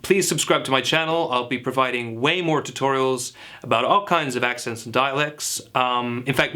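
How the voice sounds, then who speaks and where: A man's voice: medium pitch, pushed and bright, close to an everyday voice. A man playing a self-assured but clueless dialect coach, who lectures earnestly like an expert in a parody tutorial.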